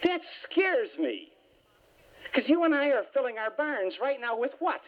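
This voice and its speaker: A man giving a humorous spiritual talk, telling stories lively with self-mocking asides. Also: very high-pitched, a little fast. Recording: tinny phone-like radio sound.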